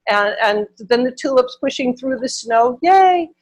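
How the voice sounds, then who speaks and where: A woman's voice: fairly high pitch, fairly even intonation, moderate pace. A woman from Wisconsin, a minister giving a conversational Sunday sermon, repeating words for emphasis.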